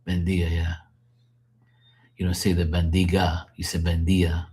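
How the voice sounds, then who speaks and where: A man's voice: low voice, completely flat delivery, normal speed, a little mellow. A man chatting casually on a livestream, rambling and explaining words to his viewers with lots of fillers. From born in the country of the stream, Portuguese family. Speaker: livestream tarot reader.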